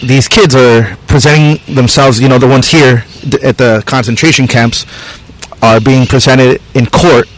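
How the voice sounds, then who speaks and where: A man's voice: mid-range voice, fairly even intonation, normal speed, a little hiss or hum, low-quality recording. Male podcast host, blunt, casual cursing, medium voice.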